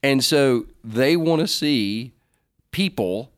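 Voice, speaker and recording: A man's voice: mid-range voice, animated, takes it slowly. A middle-aged man co-hosting a casual faith advice chat, joking and rambling as he answers listener questions. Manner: joking, rambling, self-correcting.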